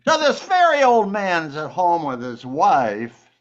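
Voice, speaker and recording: A man's voice: high voice, huge pitch swings, slow, highs cut off. An older man, one of the show's regulars, telling jokes with lots of fillers and laughs. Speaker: comedy show host.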